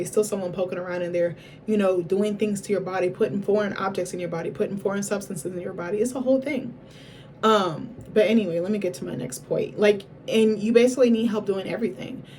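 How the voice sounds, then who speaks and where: A woman's voice: mid-range voice, dark tone. A young woman vlogging in a frank, chatty confessional way, often acting out her own quoted words. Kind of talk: candid confessional chat. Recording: slightly distant mic with faint background noise.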